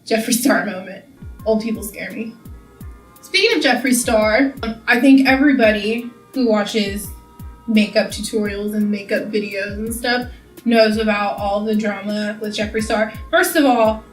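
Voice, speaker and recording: A young woman from California, chatting casually and rambling while doing her makeup, full of "like" and "you know.". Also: a little high. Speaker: beauty vlogger. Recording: echoey room, camera mic from a distance.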